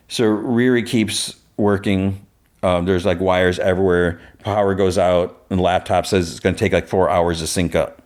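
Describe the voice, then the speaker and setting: Low-voiced man rambling through a recap. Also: a little mellow. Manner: rambling retelling with many "like" fillers and quick quoted lines. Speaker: podcast host. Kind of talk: casual episode recap.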